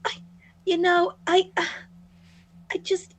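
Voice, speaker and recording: A high-pitched, hesitant young actress stammers and defers politely to her mother, as a woman improvises her. She sounds unsure of herself throughout this tabletop role-play. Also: completely flat delivery, takes it slowly, fairly bright tone, exaggerated voice. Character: timid grown daughter, a nervous young actress.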